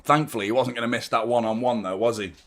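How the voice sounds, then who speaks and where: Excitable football fan. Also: male voice, mid-range voice, fast talker. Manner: excitable, swearing, chanting along. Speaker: fan channel host. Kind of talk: live football watchalong commentary.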